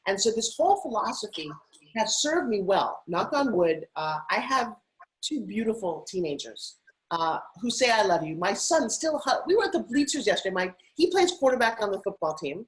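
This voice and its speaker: A middle-aged woman, a TV host and spokesperson, telling animated stories as an interview guest. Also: medium pitch, rough recording. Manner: animated, rapid anecdotal telling. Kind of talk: casual interview storytelling.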